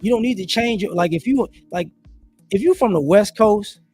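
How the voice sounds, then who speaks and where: A man's voice: high voice, moderate pace, husky, faint music behind. A man hosting a live stream, telling stories and giving his opinions in casual commentary, acting out other people's lines as he goes. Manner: animated storytelling with voiced asides. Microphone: home streaming setup.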